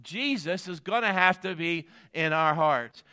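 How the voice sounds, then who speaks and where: A middle-aged male pastor preaches a sermon, climbing to emphatic peaks and dropping low for asides while repeating "amen" and "guess what." He speaks unhurriedly with few pauses, his voice smooth, pushed, and bright.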